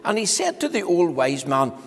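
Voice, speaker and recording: Man, children's storyteller, husky, lively swinging pitch, playful, long hall echo. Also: moderate pace. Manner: animated, playful, addresses children directly.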